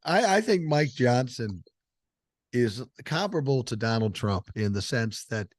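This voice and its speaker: A man's voice: mid-range voice, sing-song, unhurried, no room sound, studio quality. Blunt, swearing older man. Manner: blunt and profane, emphatic. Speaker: podcast host. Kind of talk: casual political chat.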